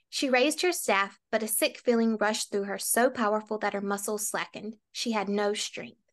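A young woman co-hosting a book podcast, trading dry quips in casual chat and reading chapters aloud at a steady pace. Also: on the high side.

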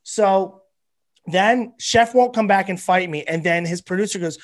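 A man's voice: high voice, a little slow. A male comedian guesting on a podcast, telling a rambling, profane story in casual chat.

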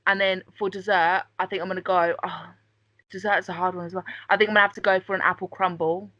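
A woman's voice: lowish voice, little pitch movement, fast talker, bright, forceful tone, no room sound. A woman co-hosting a podcast, chatting casually with friends, rambling and giggly, swearing now and then. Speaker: podcast co-host. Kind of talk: casual banter. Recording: dull lo-fi sound.

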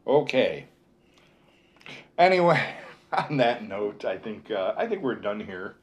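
Halting laid-back podcast co-host. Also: medium pitch, big pitch swings. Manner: halting, many fillers and restarts, laughs easily. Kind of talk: casual chat.

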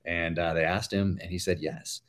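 A man's voice: deep voice, little pitch movement, normal speed. A middle-aged man, an author guest on a casual podcast interview, telling stories in a rambling way with many fillers.

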